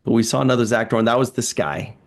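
A man's voice: medium pitch, fast. A man co-hosting a casual chat show, laughing often and acting out lines in silly voices. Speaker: podcast co-host.

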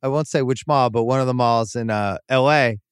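A man's voice: medium pitch, a little fast, clean tone, no echo. A middle-aged man co-hosting a podcast, chatting casually with a dry, teasing humor. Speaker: podcast co-host. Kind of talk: casual chat.

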